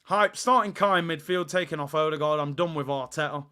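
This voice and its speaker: Ranting man, high voice. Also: fairly quick, bright, forceful tone, clear, resonant tone. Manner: exasperated, ranting, sarcastic. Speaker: watch-along host. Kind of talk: live football watch-along rant.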